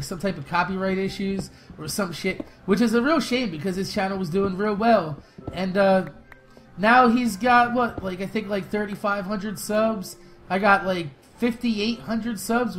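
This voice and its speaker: A young man hosting a gaming channel, telling stories and answering viewer questions in loose, profane, laughing chat that flares into excited shouts during fights. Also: high voice, slight background noise, rough recording. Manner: loose, profane storytelling with frequent laughs and fillers. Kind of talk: casual gameplay commentary with viewer Q&A.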